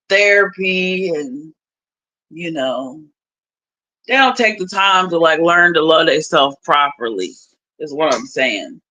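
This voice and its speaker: A woman's voice: fairly low pitch, pushed and bright, poor audio. A young woman hosting a casual livestream chat. She talks bluntly, swears freely and laughs often. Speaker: livestream host.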